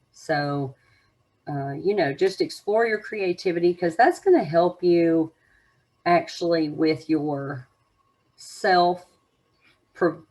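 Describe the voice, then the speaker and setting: A woman giving an unscripted oracle card reading to her viewers, musing in a meandering way with many fillers. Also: low voice.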